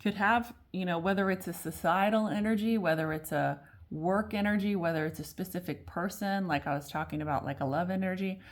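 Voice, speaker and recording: A woman giving a casual tarot reading at a table, talking in a rambling, chatty way full of fillers and restarts. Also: fairly low pitch. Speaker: tarot reader. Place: at a table at home.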